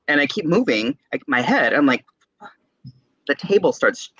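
Brief: young adult man, interview guest, bright tense voice, lively storyteller who laughs and mimics, slightly muffled dry audio. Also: a little high, normal speed, no room sound. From San Diego, California. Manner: animated storyteller, acts out voices, laughs often. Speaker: guest, tarot reader.

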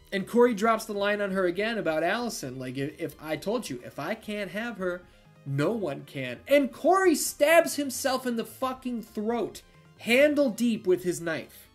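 Casual film reviewer, blunt and foul-mouthed, recapping plot with heavy filler words. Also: mid-range voice.

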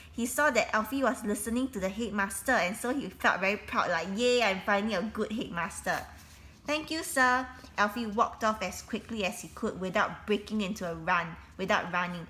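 A woman reading a children's book aloud, pausing to explain the story in simple words with frequent restarts. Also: mid-range voice, sharp tone. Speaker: reader.

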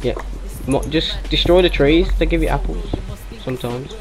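A man's voice: on the high side, normal speed, over music. A young man chatting casually while playing a game, yelping and laughing at what happens on screen. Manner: excitable, yelps and laughs at the game. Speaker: gaming channel host. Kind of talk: casual gameplay chat.

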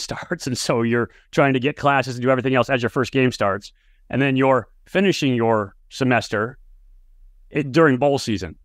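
A man's voice: mid-range voice, dry recording. Chatty male podcast host, dry sound. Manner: chatty storyteller, animated when telling a tale. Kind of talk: casual interview with anecdotes.

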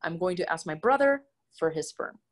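A woman speaking as an interview guest in a casual conversation, candid and expressive as she tells personal stories. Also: lowish voice, brisk. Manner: candid and expressive, animated storytelling.

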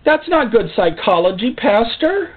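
A man's voice: very high-pitched, big pitch swings, measured pace, breathy edge, voice pushed up, full character voice. A preacher voicing a fretful churchgoer man who pleads in a tearful, whiny tone. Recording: tinny phone-like sound.

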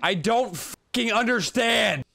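A young man and gaming YouTuber reacting live as he plays, loud and excitable, swearing constantly and breaking into frustrated outbursts. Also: high-pitched, a little slow, gravelly. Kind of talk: live reactions while playing a game.

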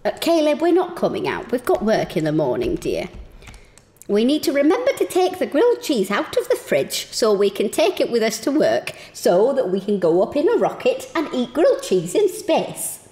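A young woman streaming a life-sim game, chatting excitedly and talking to her characters as she plays. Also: on the high side, moderate pace. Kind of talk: casual gameplay commentary.

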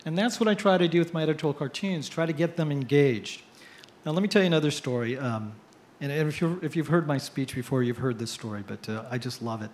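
Man giving a joke-filled speech. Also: a little high. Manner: storytelling with punchline pauses. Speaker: editorial cartoonist giving a speech. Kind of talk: after-dinner speech with jokes. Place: cruise ship event.

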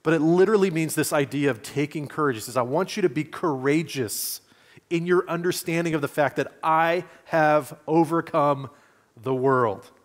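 A man's voice: on the high side, moderate pace. A male pastor, giving a conversational sermon in a church and asking his listeners questions. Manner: conversational preaching, asks the congregation questions. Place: church sanctuary.

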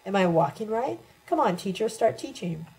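A brash older woman who teases and needles with playful jabs, read by a woman narrator. The tone stays mellow and warm, in an everyday storybook reading voice. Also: medium pitch, sing-song, moderate pace, rough recording. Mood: teasing.

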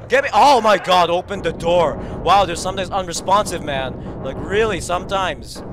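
A man giving commentary while playing a horror game, often yelling and screaming in panic. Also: sits high, lively intonation, moderate pace, hardly any pauses, noisy background. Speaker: gameplay video creator.

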